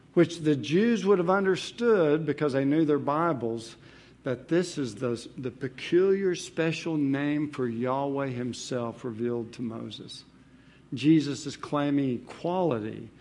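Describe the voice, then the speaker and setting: A man's voice: mid-range voice, darkish tone. A man preaching a sermon as pastor, reading verses aloud and stressing key words. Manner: emphatic, reads scripture aloud.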